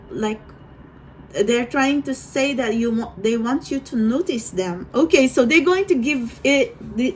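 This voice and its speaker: Slow, rambling tarot-reading woman. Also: on the high side, a little mellow, slight background noise, rough recording. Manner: rambling, hesitant, with many restarts. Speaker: tarot reader.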